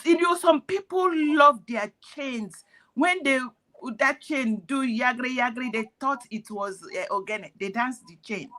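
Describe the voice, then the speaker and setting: Woman, earnest activist lecturing in parables, slow delivery, a bit high-pitched. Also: a bit bright. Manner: earnest, preachy, speaks in parables. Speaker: activist speaking on a call. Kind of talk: impassioned commentary.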